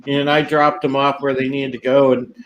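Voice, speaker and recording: A man's voice: medium pitch, little pitch movement, normal speed, noisy background. A man hosting a podcast who chats casually and crudely, stammering and restarting his sentences. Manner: stammering, repeats words, crude. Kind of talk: casual chat.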